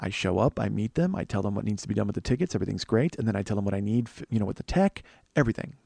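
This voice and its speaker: A man's voice: on the low side, animated, rapid-fire, vocal fry, mellow, slightly rough, no room sound. A man in his forties, a comedian hosting a podcast, telling a story in a profane, rambling, ranting way. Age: 40s. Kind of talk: casual comic storytelling.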